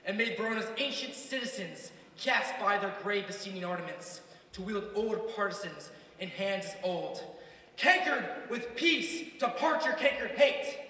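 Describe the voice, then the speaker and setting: A man's voice: high-pitched, bright, forceful tone, heavily acted. A man playing a stern, angry prince, declaiming a Shakespearean stage monologue. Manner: declaiming, commanding. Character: stern commanding male prince, angry ruler. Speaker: stage actor. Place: school stage. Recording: echoey hall from far off.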